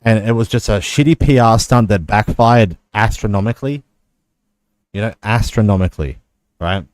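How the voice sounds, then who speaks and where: A man's voice: lowish voice, normal speed, no echo. A man streaming chess, chatting casually and telling a long profane story full of fillers. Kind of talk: casual stream chat while playing chess.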